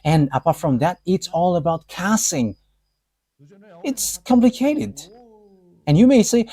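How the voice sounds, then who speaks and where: A man's voice: sits high, very animated, a little slow, long pauses, warm tone, slightly rough, no room sound. A man giving a live religious teaching, talking hesitantly with many fillers and restarts and laughing often.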